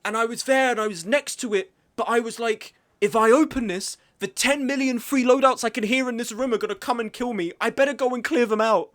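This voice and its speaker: A man's voice: very high-pitched, a little fast, few pauses, fairly bright tone. A man streaming a video game, ranting in an exasperated, self-mocking way about other players and his own bad luck. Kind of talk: casual gaming stream chat.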